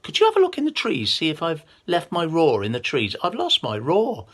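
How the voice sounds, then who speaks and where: A man voicing a shy, worried little male lion cub in a children's story, speaking in a high, squeaky voice. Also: wildly swooping pitch, brisk. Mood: pleading.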